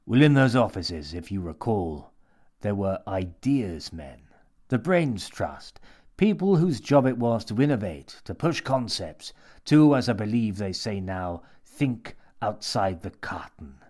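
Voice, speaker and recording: Sinister, smooth-talking mad old man, played by a man reading a story; coaxing, lecturing. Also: on the low side, lively intonation, measured pace, a little mellow. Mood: menacing. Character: menacing mad old man, tall, grinning, theatrical.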